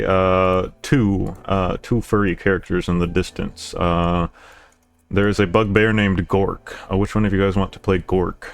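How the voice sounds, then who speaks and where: A man's voice: deep voice, clear, resonant tone, dry recording. A young man narrating as game master in a loose, rambling way, with lots of fillers.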